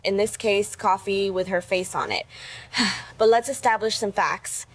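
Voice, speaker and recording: A woman's voice: medium pitch, a little slow. A woman delivering scripted reaction commentary in a wry, sarcastic manner.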